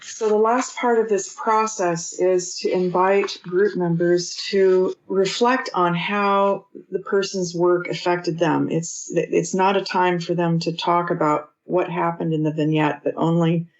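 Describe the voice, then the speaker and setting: A woman grief therapist and author, calmly recounting a therapy session with gentle, measured storytelling. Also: lowish voice, dull audio. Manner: calm, measured storytelling with gentle quoted dialogue.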